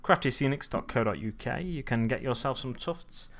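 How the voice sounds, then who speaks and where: A man's voice: mid-range voice, animated, moderate pace, fairly bright tone, slight background noise. A man chatting casually to his viewers as he places tufts on a model base, often muttering to himself. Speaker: hobby streamer. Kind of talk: casual chat while crafting.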